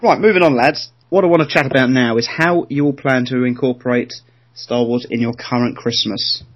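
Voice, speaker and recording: Husky podcast host guy, teasing, bit muffled audio. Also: medium pitch, fairly quick. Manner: teasing, leads the chat. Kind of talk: casual podcast chat.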